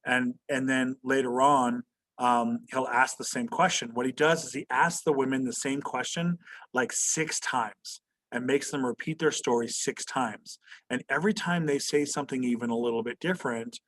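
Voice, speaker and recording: A man's voice: medium pitch, fairly even intonation, normal speed, fairly bright tone. A male history teacher lecturing an online class over a video call. He keeps quizzing students and tags his statements with "right?". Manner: asks students questions, tags "right?" often.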